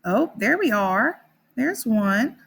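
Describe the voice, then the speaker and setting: Lady teacher sounding out words real slow for little kids, bright and kinda high. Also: sing-song, gravelly, breathy edge. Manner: sounds out words slowly and encouragingly. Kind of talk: slow phonics lesson for young children.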